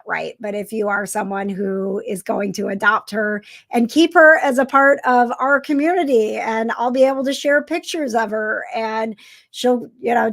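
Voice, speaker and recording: A woman's voice: fairly high pitch, gravelly. A middle-aged woman hosting a casual live stream, emotional and gushing, with many uhs and restarts. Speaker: host.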